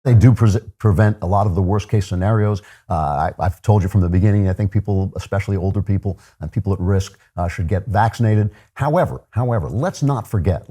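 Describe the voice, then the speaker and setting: A man's voice: deep voice, a little fast, few pauses, dark tone. An older man hosting a political commentary show, delivering a sardonic, opinionated monologue with chuckling asides.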